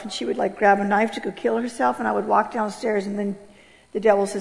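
A woman from California giving an emotional personal testimony, swinging between loud outbursts and hushed, low passages. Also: flat delivery, fast talker, gravelly. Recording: long hall reverb.

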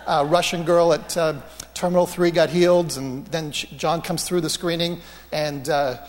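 Male preacher, high voice, storytelling sermon, long hall reverb, animated anecdotes. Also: normal speed, a little hiss or hum. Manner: anecdotal, animated, self-mocking humor.

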